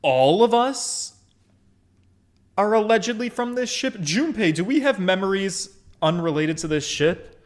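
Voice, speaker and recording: A man playing through a story game, reading the text aloud and breaking off into casual commentary. His voice sits a touch high and moves through a lively, wide pitch range. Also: a little slow. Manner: casual, expressive reading with swearing asides. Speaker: let's play gamer.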